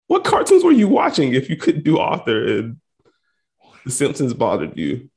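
A man's voice: medium pitch, wildly swooping pitch, normal speed, a little mellow. A man co-hosting a casual sports podcast, teasing his partner and asking questions. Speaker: podcast co-host.

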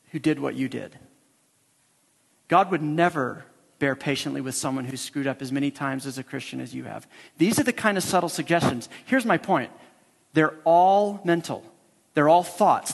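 A man's voice: a little high, creaky, in a large hall. A male pastor preaching a sermon, emphatic and repeating his key phrases for weight.

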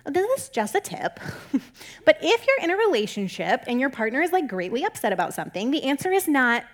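A woman's voice: sits high, very animated, a little fast. A young woman giving a casual Bible talk to a group, chatty and joking and laughing often.

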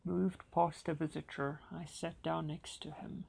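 Gravelly, husky man telling a story. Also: fairly high pitch, little pitch movement, measured pace, a little mellow. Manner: dramatic storytelling with acted-out dialogue. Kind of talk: personal anecdote told dramatically.

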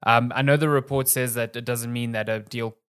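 A man's voice: medium pitch, fairly even intonation, brisk, a bit bright, clean tone, dry recording, clean studio sound. A man co-hosting a casual podcast, easygoing and thinking aloud as he talks. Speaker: podcast co-host. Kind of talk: casual chat.

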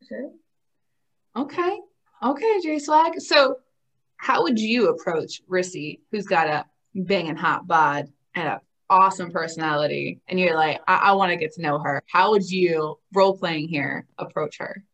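A woman's voice: lowish voice, animated, moderate pace, a bit bright. A woman co-hosting a podcast, asking playful questions in casual chat. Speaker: podcast co-host.

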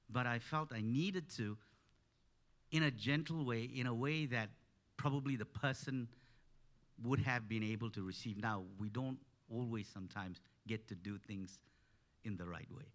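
A man's voice: medium pitch, normal speed. A man preaching a sermon, telling a story with many restarts and building to emphatic peaks.

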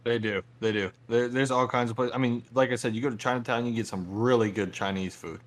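Eager young man, mid-pitched. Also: steady tone, fast. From Texas, US. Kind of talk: casual chat.

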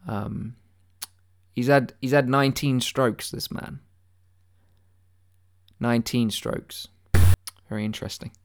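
A man delivering a deadpan satirical conspiracy monologue, mock-earnest and rambling, with stammered restarts and swearing. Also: medium pitch, unhurried, creaky.

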